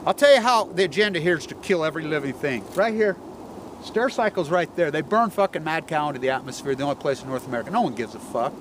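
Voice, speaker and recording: Man, rather high voice, agitated, swearing, rambling, loud traffic noise behind, outdoor recording. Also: fast talker. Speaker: environmental activist.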